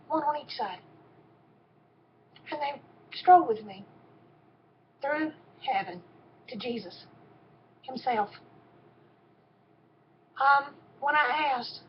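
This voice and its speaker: A woman with a somewhat high voice slowly tells a personal testimony of faith. She speaks in halting, emotional phrases and often repeats words. The recording sounds dull and lo-fi, with a faint hiss behind her. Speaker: storyteller.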